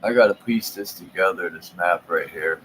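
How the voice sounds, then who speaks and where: A man hosting his channel, giving casual commentary while browsing old maps, with relaxed, amused, slangy asides. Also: sits low, normal speed, slight background noise, poor audio. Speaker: channel host.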